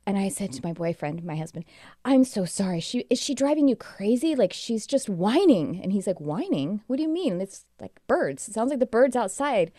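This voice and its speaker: A woman with a fairly low, dark-toned voice is a guest on a casual interview, an animal communicator telling rambling, earnest stories about her work. The studio-quality audio has no echo.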